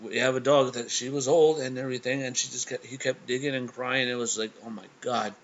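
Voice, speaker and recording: A young man hosting a reaction video, telling a personal story in a halting way with stammering restarts. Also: medium pitch, fairly even intonation, lo-fi sound. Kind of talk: casual emotional storytelling.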